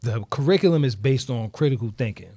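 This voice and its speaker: A man, a podcast guest who talks calmly and explains things plainly. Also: medium pitch, fast, no room sound. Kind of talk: casual chat.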